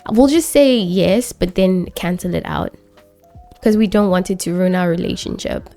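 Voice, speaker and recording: Gravelly chatty woman narrating gameplay. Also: on the low side, animated, moderate pace, dark tone. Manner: chatty, filler-heavy, narrating and voicing characters. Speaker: let's play host. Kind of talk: casual gameplay commentary. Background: faint background music.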